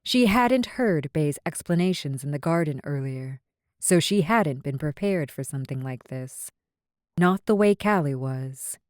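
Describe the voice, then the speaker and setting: A woman narrates a fantasy romance audiobook at an unhurried pace. Her voice sits low and she tells the story in a measured, even way. The studio sound is dry and close. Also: no echo.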